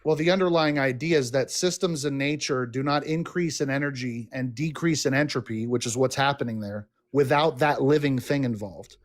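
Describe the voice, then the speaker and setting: A man's voice: mid-range voice, normal speed, hardly any pauses. Confident man arguing his case. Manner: confident, argumentative, explaining. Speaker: caller. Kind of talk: casual debate.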